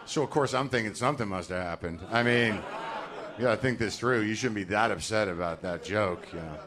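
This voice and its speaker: A man in his forties doing a stand-up comedy set on a club stage, talking in a neurotic, ranting way and loudly acting out voices. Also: fairly low pitch, fairly quick, a crowd in the background. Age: 40s.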